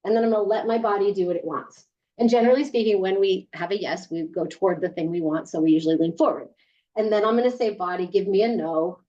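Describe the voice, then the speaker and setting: A woman's voice: mid-range voice, fast talker, dark tone, dull audio. A woman leading a group through a guided body exercise on a video call, coaching them and often laughing. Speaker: workshop leader.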